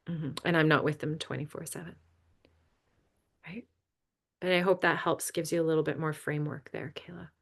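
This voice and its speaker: A woman leading a boundaries workshop, telling a personal story and checking in with frequent "right?" questions. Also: on the low side. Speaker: workshop leader. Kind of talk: teaching a live boundaries workshop.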